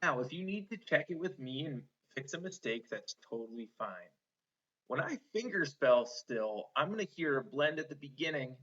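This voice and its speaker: A man teaching an online phonics lesson to children, slow and encouraging, stretching out each sound. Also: mid-range voice, a bit bright. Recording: slightly dull lo-fi online lesson audio.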